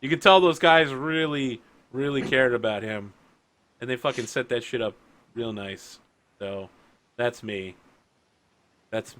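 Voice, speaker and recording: A man running a tabletop game, chatting casually and ranting with lots of swearing before play starts. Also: medium pitch. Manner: ranting, profane, animated storytelling. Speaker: game master.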